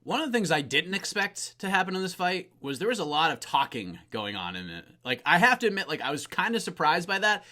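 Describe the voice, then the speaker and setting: A man hosts the interview in a bright, edgy voice. He talks quickly and keeps his questions chatty and conversational. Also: sits high, sing-song.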